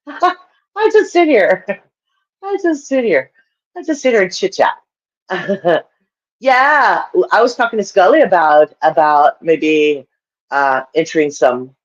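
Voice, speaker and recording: A woman with a lowish voice chats slowly and casually with her livestream viewers, her pitch rising and falling freely as she laughs often between comments. The sound is a bit dull and lo-fi. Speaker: livestream host.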